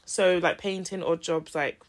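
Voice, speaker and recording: Chatty young woman, lowish voice. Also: measured pace. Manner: animated, laughing, heavy use of "like". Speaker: podcast co-host. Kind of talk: casual chat.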